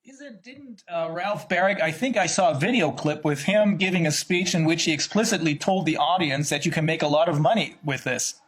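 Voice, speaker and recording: A man interviews a guest in a slightly high voice. He breaks in with tentative, halting questions.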